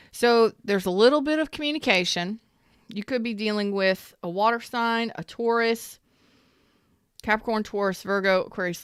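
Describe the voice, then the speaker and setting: A woman's voice: medium pitch, smooth, no room sound, clean studio sound. A woman giving a casual tarot reading, repeating herself emphatically and sometimes swearing. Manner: repetitive and emphatic, swears when worked up. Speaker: tarot reader.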